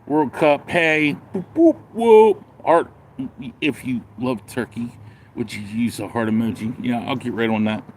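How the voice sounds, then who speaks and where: A man's voice: mid-range voice, steady tone, moderate pace, a little hiss or hum. A man ranting bluntly and sarcastically in a casual livestream, then rambling through viewer comments. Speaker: live streamer reading comments.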